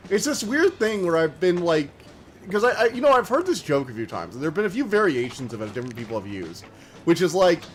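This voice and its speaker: A man's voice: a little high, very animated, fast. An American man chatting loosely as he streams a game, rambling with lots of filler words. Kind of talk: casual let's-play commentary.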